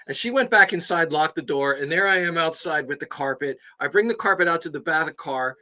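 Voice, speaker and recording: A man co-hosting a podcast, telling a story in casual chat, animated and laughing as he acts out both sides. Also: on the high side, fast talker, hardly any pauses. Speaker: podcast co-host.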